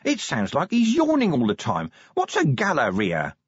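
A man's voice: on the high side, wildly swooping pitch, moderate pace, breathy edge, dry recording, lo-fi sound, pitched above the performer's own voice, heavily acted. Man doing a dim, whiny watch corporal. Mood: puzzled. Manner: puzzled, whiny questions. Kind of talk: audiobook character voice.

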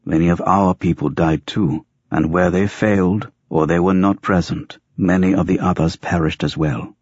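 A man voicing a grave older clan uncle who speaks in a low, solemn mutter. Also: steady tone, moderate pace, slightly rough, no room sound. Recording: dry, dull muffled audiobook recording.

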